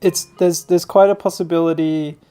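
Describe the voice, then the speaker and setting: A man's voice: fairly high pitch, fairly even intonation, moderate pace, dark tone, smooth, soft background music. A man co-hosting a podcast in casual chat, joking in a dry, playful way. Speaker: podcast co-host.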